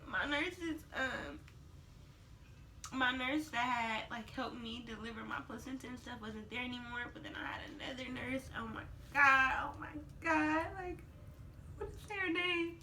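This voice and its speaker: A woman's voice: sits high, moderate pace, pushed and bright. A young woman talking candidly in a home vlog, rambling and emotional, laughing through tears at times. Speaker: vlogger. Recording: distant mic, faint background noise.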